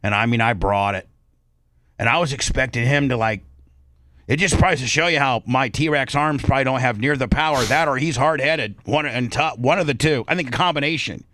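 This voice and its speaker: A man's voice: medium pitch, a little fast, pushed and bright. A male radio host telling a story in a brash, profane way, acting out both sides of an argument. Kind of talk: casual storytelling on talk radio.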